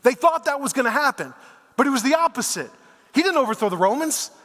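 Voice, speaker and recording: High-voiced male pastor in echoing hall. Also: big pitch swings, fast talker, a bit bright. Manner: conversational storytelling, casual asides like "man" and "dude". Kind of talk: sermon. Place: church auditorium.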